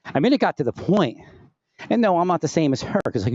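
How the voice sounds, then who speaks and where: A man's voice: on the high side, wildly swooping pitch, quick pace, darkish tone, dull audio, a little hiss or hum. A man rambling through a personal monologue into his own mic at home, distracted and restarting often. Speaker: vlogger. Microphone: home recording setup with phantom-powered mic.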